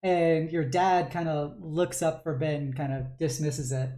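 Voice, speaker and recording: A woman's voice: deep voice, fairly even intonation, measured pace, dark tone. A woman narrating a tabletop game as game master, with a hesitant delivery full of fillers.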